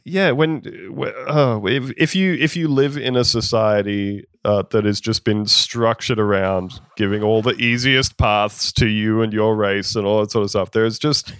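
A man's voice: on the low side, unhurried, hardly any pauses, a bit bright, smooth, no room sound. Casting: ranting male podcast host, dry close mic. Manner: swears, rants with exasperation. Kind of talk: casual chat.

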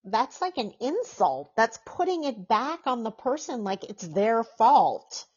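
A woman's voice: fairly high pitch, big pitch swings, a little slow, a little mellow, breathy edge. A woman hosting a podcast and interviewing her guest in an eager, enthusiastic, affirming way. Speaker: podcast host. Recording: dull lo-fi sound.

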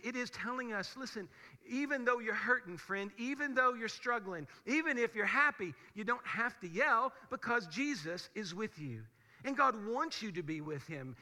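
Bright-voiced male pastor preaching in a church. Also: very high-pitched. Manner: conversational, emphatic preaching with rhetorical questions. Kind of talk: sermon. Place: large church sanctuary. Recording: long hall reverb of a church.

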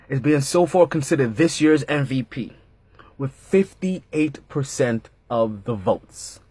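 A man hosting a casual sports podcast, talking in an animated way, repeating himself and making jokey asides. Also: mid-range voice, slightly rough, dry recording. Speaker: podcast host.

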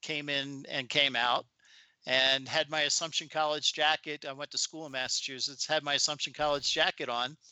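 A man in his seventies, a podcast guest and author, telling animated stories in a chatty interview. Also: on the high side, moderate pace, clean tone, no echo. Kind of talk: anecdotal storytelling in an interview.

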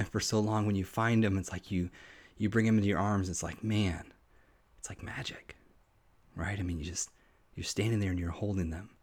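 A man hosting a devotional podcast, preaching in an earnest, heartfelt, personal way and often restarting his sentences. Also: on the low side. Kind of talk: conversational sermon.

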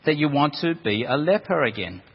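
A man's voice: fairly high pitch, big pitch swings, brisk, breathy edge, heavily acted. A man voicing an exasperated young man who questions a beggar in disbelief. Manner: incredulous questioning. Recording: dull echoey hall recording.

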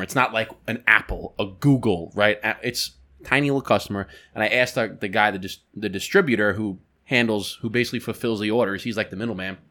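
A man's voice: fairly low pitch, sharp tone. A man on a podcast telling a story about work in a casual, profane way. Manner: casual and profane, with lots of fillers. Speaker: podcast co-host.

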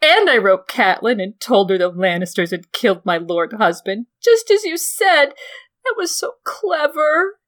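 A woman's voice: sing-song, normal speed, a bit bright. A woman voicing a hysterical, jealous noblewoman who weeps and pleads, in a dramatic book reading. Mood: sobbing. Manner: shrill, sobbing, pleading outbursts.

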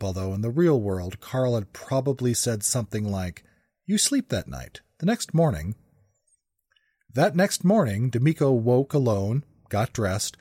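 Wry male storyteller, lively low voice. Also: dry recording, studio quality. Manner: wry, with joking asides. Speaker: narrator. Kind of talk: reading a comic fantasy story aloud.

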